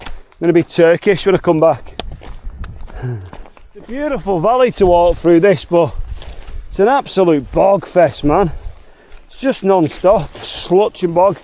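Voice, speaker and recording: A man's voice: high voice, measured pace, pauses often, warm tone. A man with a Liverpool accent, chatting cheerily to viewers as he vlogs a rainy hike outdoors. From England. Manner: chatty, cheery, slangy, addresses viewers as legends. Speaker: hiking vlogger. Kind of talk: casual walking vlog. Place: outdoors on wet fells, later in a car.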